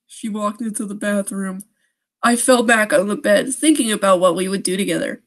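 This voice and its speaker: A woman's voice: mid-range voice, moderate pace. A young woman reading a creepy story on a live stream, often breaking off to laugh and make sarcastic jokes about the writing.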